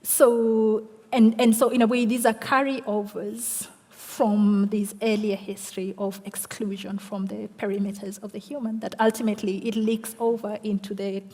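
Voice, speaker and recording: A woman scholar delivers an academic lecture in a measured way, often checking in with her listeners and circling back over her words. Her voice is mellow and relaxed at a middling pitch. The sound rings with the long reverb of a large lecture hall. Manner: measured, adds tag questions and repeats words. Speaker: lecture respondent, literary studies scholar.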